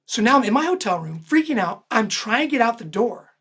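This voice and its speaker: A woman host animatedly telling a personal story, lively and self-deprecating, laughing often. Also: on the high side, brisk, slightly rough. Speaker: host recounting her own stories.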